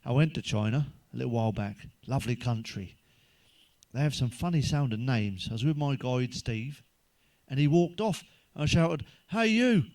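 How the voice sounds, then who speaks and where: A man's voice: mid-range voice, moderate pace, mellow. A man delivering a crude stand-up monologue, swearing freely and talking straight to the listener. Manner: swearing, chatty, addresses listener directly. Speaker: stand-up comedian.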